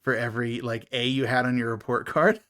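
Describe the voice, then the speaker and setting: A man's voice: mid-range voice, fairly even intonation, a little fast, fairly bright tone. A man co-hosting a podcast, chatting casually about a horror movie and laughing often. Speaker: podcast co-host. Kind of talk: casual movie review chat.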